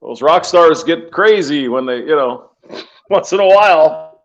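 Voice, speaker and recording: A man's voice: on the high side, a little slow, lo-fi sound. A man in casual, crude banter on a talk show who laughs often and teases the others. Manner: laughs a lot, teasing, lively.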